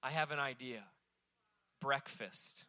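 A man voicing Jesus as a calm, scheming male teacher in a sermon, talking in a wry, conversational way. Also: on the high side, moderate pace, voice pushed down.

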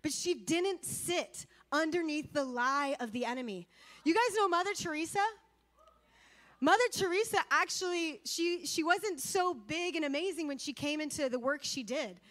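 A woman with a high voice delivers a sermon as a lively story. She acts out the quotes and speaks straight to her listeners. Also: normal speed. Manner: lively, acts out quotes, addresses audience directly. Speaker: preacher.

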